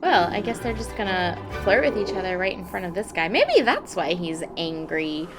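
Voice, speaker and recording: A woman's voice: medium pitch, normal speed, music in the background. A woman casually narrating a life-sim game with playful, sarcastic jokes. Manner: gets loud and excited. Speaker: let's play creator.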